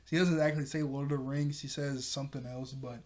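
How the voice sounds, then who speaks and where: A man's voice: flat delivery, brisk. A man giving a casual review of a cartoon episode, talking in a chatty way with frequent laughs and self-corrections. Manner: chatty, laughs often mid-sentence; jumps higher and louder when quoting characters. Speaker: show reviewer.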